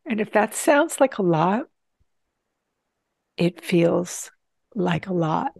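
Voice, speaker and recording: A woman shares an earnest, heartfelt testimonial on her own channel. Her voice has a gravelly edge. The sound is dry and close, with no room echo. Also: lowish voice, expressive, very slow, a little mellow. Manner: earnest, heartfelt, with frequent restarts. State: tearful at times. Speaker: channel host. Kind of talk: emotional personal testimonial.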